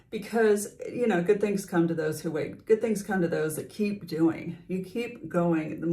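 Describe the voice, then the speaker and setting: A woman's voice: fairly low pitch, a little mellow. A middle-aged woman talking to the camera in a casual personal vlog, confiding, with frequent laughs, sighs and restarted sentences. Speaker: vlogger.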